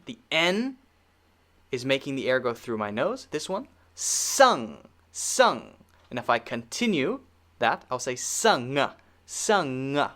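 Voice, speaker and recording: Slow, deliberate American pronunciation teacher. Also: medium pitch, a bit bright. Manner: slow, deliberate, repeats and models sounds. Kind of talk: pronunciation lesson.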